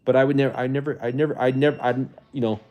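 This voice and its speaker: A man's voice: medium pitch, fairly even intonation, rapid-fire, lo-fi sound. Rambling male livestreamer talking to viewers. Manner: rambling, restarts often, voice gets emotional. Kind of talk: casual live-stream talk to viewers. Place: indoors at a rental home.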